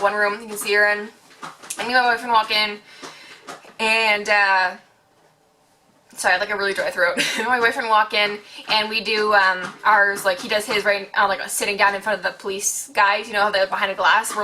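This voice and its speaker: A young woman from Quebec in her twenties telling a storytime vlog, animated and chatty, swearing freely and acting out what people said. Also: medium pitch, brisk, a little hiss or hum. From Quebec, Canada. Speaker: vlogger. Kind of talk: casual storytime.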